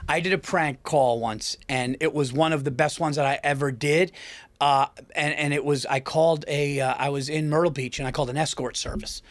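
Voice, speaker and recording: A male podcast host chatting casually with a guest. His voice sits a bit high, and his talk is eager and full of casual swearing. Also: fairly even intonation, a little fast. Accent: New York. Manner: enthusiastic, swears freely. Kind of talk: casual chat.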